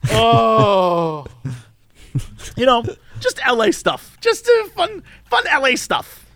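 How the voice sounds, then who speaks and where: A high-pitched man tells a story in a casual podcast chat. His voice swings widely up and down as he narrates with lots of laughter, and the sound is dry and close. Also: a little slow, no echo. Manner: animated storyteller, laughs often. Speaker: podcast co-host. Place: lives in a live-work office complex in a city.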